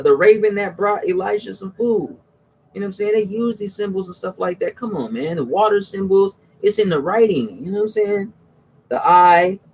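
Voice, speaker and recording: A man talking casually about religion, slangy and restless, repeating "you know what I'm saying" and restarting his sentences. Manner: animated, swings from low mutters to high exclamations. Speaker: religious commentator. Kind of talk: casual spoken monologue.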